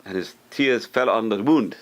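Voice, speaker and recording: At a measured pace, a rabbi giving a Torah lesson to a live audience tells lively stories, performs the dialogue with sudden high lifts, and turns to his listeners with questions.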